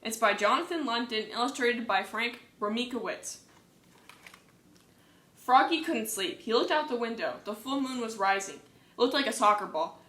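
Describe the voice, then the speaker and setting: A woman reading a children's book aloud in a cheerful, lively way, recorded in an echoey room. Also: on the high side, normal speed. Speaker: reader. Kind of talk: children's storybook read-aloud.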